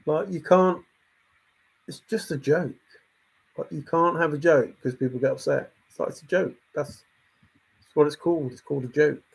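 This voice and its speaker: A man's voice: fairly high pitch, steady tone, moderate pace, gravelly, pauses often, breathy edge. A man who hosts a channel, ranting in a casual, exasperated way and repeating his points. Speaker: channel host. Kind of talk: casual opinion rant.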